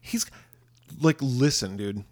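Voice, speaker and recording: A man's voice: medium pitch, animated, takes it slowly, darkish tone, no echo, clean studio sound. A man co-hosting a film podcast, retelling scenes casually, acting out characters, swearing and laughing often. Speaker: podcast co-host.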